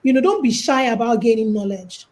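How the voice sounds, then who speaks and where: A brisk Nigerian woman with a voice on the high side comes through a rough recording. As a guest on a call, she gives casual advice about life and finances, telling animated stories and acting out the lines she quotes.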